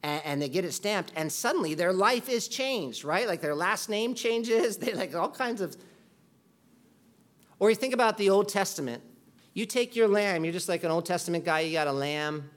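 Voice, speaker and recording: A man preaching a conversational sermon as a pastor, talking loosely with lots of "like" and bursting into loud quoted voices. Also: high voice, animated, normal speed. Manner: chatty, peppered with "like", jumps into loud quoted voices.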